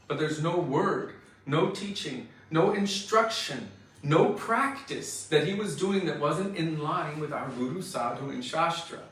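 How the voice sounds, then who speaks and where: A man's voice: on the high side, animated, unhurried. A man giving an earnest, emphatic devotional lecture as a spiritual teacher. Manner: earnest, emphatic, forceful preaching. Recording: very echoey room, mic far off.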